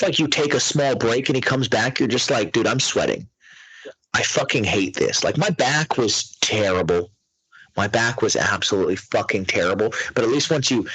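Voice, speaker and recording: A man's voice: mid-range voice, a bit bright, husky, no room sound, rough recording. A man hosting a podcast, talking in a crude, mocking, profane casual chat. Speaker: podcast host.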